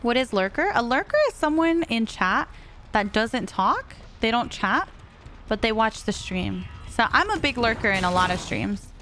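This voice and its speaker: A woman's voice: on the high side, lively intonation, moderate pace, fairly bright tone, faint music behind. A woman streaming a game live, chatting casually and answering her viewers between plays. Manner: chatty, reads chat aloud and answers viewers. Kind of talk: live gameplay commentary.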